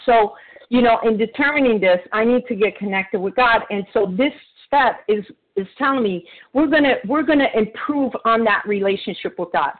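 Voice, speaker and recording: A man sharing earnestly at a recovery meeting by phone, halting often with restarts and fillers. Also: sits high. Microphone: phone call. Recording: phone-line audio.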